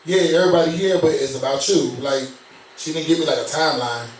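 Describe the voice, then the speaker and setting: Male co-host, 30s, casual slangy talker, pitch a touch high, roomy distant sound. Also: quick pace, a little hiss or hum. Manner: relaxed, slangy, often asks "you know what I'm saying?". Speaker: podcast co-host. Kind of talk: casual chat.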